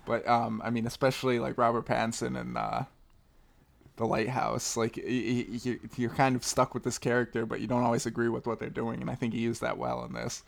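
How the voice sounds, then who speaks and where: A man with a gravelly, creaky voice gives critical, wry opinions in casual podcast chat. His pitch sits in a middle range. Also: flat delivery, fairly quick. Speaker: film podcast co-host.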